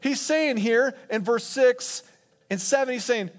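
A man preaching a sermon in an animated, laughing way, acting out quotes in playful voices. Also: extremely high pitch, unhurried. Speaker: pastor.

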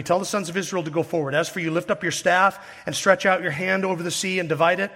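A man delivers an earnest expository sermon in a high voice. He reads scripture aloud and pushes his points with rhetorical questions. His words ring out with the long reverb of a large hall. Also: fairly bright tone. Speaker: pastor.

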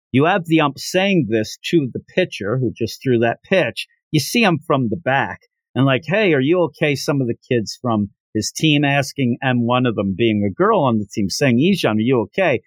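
A man hosting a podcast, casually retelling a manga story with animated asides. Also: mid-range voice, normal speed, no echo. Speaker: podcast host.

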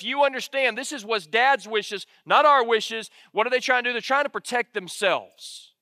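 A man preaching with a high, ringing voice. He speaks earnestly and repeats his key lines for weight. The mic is close and dry, but a long hall reverb trails behind each phrase. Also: pushed and bright. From Alabama, United States. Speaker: pastor. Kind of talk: sermon.

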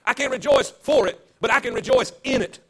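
A man's voice: very high voice, a little fast, fairly bright tone, husky. A man, a pastor preaching a livestreamed sermon to an empty church, emphatic and repetitive, with call-and-response.

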